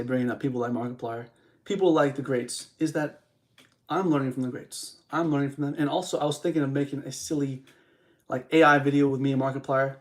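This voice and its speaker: A young man hosting a podcast while live streaming, rambling in a casual motivational monologue, repeating phrases and chatting to his viewers on a studio microphone. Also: fairly high pitch.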